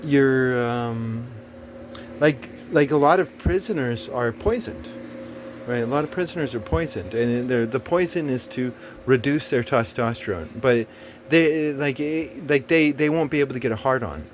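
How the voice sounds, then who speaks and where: A man's voice: medium pitch, lively intonation, normal speed, a little hiss or hum. A man telling a personal story in a rambling monologue, swearing often and stumbling through fillers and restarts. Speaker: storyteller recounting a personal experience. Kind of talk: casual monologue.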